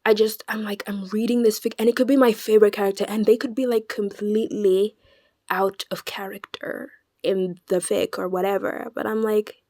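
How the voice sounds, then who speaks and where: Young woman vlogger, mid-pitched, casual chat; theatrical, stammers and restarts, dry close sound. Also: moderate pace, dry recording. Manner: animated and dramatic, with stammered restarts.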